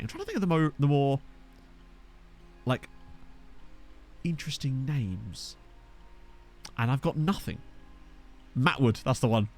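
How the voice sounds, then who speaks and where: Jokey young man streaming. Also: medium pitch. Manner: jokey, riffing on viewers' names. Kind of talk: casual gameplay commentary reading chat.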